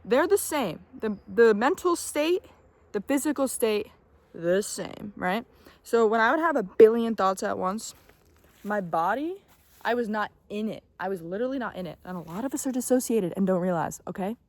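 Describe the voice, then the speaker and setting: A woman's voice: medium pitch, expressive, normal speed, no room sound. Blunt young woman, dry close sound. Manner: blunt, emphatic, swears casually, keeps asking "okay?". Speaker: self-help vlogger. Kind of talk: casual motivational talk to camera.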